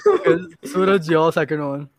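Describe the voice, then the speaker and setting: A man's voice: a little high, sing-song, moderate pace, a crowd in the background. Young man bossily running a word game. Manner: bossy, teasing, runs the turns. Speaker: game host. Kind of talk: casual chat.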